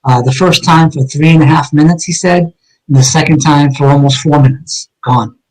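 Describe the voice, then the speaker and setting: A man's voice: fairly high pitch, normal speed, rough recording. A man, a retired police detective, earnestly recounting an emotional personal story in an interview, with frequent ums and uhs.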